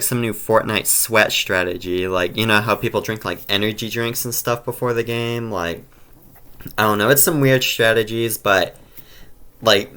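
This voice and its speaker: A man narrating a casual storytime over video game footage in a mid-pitched voice. He rambles loosely, piling on slang and filler words as he goes. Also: bright, forceful tone. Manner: rambling slangy delivery full of "like" and "bro".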